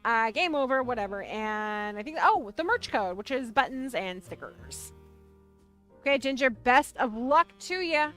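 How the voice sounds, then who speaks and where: A woman's voice: fairly high pitch, expressive, unhurried, a bit bright, soft background music. A woman hosting a casual livestream, bubbly and playful, chatting straight to her viewers. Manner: bubbly, playful, talks to chat. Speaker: livestream host.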